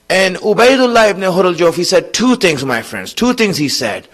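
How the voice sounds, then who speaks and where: A man's voice: high voice, very animated, moderate pace, hardly any pauses. A male preacher giving a Muharram sermon, telling a story and voicing the people in it, and growing emotional as he goes on. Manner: grows emotional and louder as he goes on.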